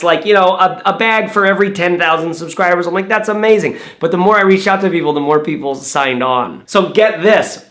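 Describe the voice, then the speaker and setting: A man reviewing backpacks in a casual, excitable vlog, rambling with lots of fillers. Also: on the high side. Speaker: YouTube bag reviewer. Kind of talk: casual enthusiastic vlog talk.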